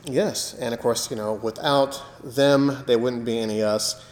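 A man co-hosting a casual podcast, telling stories with lively acted-out quotes. His voice sits at an ordinary pitch for a man. The room is echoey, and the reverb rings on for a long time. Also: a little slow. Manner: animated storyteller, acts out quotes. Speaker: podcast co-host. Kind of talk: casual chat.

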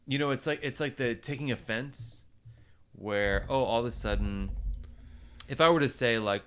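Bright, crisp-voiced man musing aloud. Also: medium pitch, normal speed. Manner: reflective, acts out quoted voices. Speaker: podcast host. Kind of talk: casual conversation.

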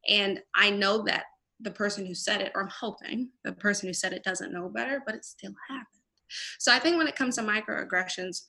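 A woman's voice: medium pitch, vocal fry, bright, forceful tone. A woman co-hosting a casual podcast, talking bluntly and straight, acting out quoted exchanges with animation. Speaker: podcast co-host.

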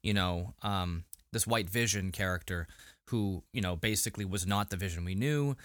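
A man's voice: low voice, normal speed, a bit bright, no room sound, clean studio sound. A man co-hosting a casual podcast, recapping a TV episode with frequent fillers and restarts. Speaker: podcast co-host. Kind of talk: casual episode review chat.

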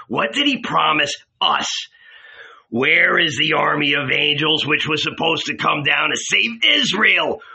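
A man reading an audiobook, voicing an enraged male disciple who shouts bitter, contemptuous accusations. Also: on the high side, vocal fry, breathy edge, heavily acted. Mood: scornful.

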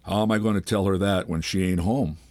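A man doing an old butler, flat and plain. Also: low voice, fairly quick, no echo, lightly acted. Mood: matter-of-fact. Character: elderly male butler, dialect speech.

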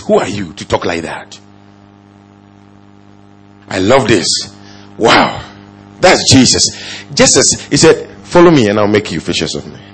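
Husky, animated male preacher. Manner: emphatic, rhetorical questions, swings from low murmurs to loud exclamations. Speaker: pastor. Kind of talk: sermon.

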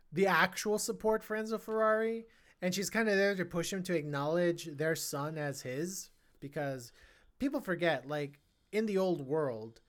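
A podcast co-host in casual film review chat, talking in an animated, chatty way with many fillers and restarts. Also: medium pitch.

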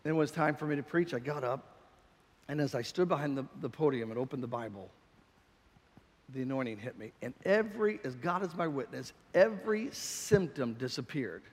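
A man preaching a sermon with passion, swinging between shouted peaks and quiet, storytelling stretches. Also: medium pitch, expressive, fairly quick, long reverb tail.

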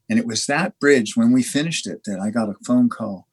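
Man, husky tone, mid pitch, interview guest, halting storytelling, acts out quoted dialogue. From Canada. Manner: halting, frequent restarts and animated quoted dialogue. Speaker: dry stone waller, guest. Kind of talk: conversational storytelling.

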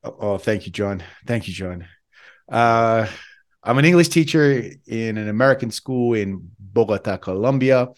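Australian man, forties, podcast co-host; low voice, loose and reflective, lots of restarts. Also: moderate pace. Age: 40s. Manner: rambling, reflective, with frequent restarts. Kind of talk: casual conversation.

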